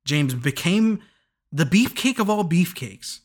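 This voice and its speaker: Young male podcast host, slightly high voice, chatty and rambling, often laughing. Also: lively intonation, slow. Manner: rambling, chuckling, lots of restarts and asides. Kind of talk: casual podcast recap.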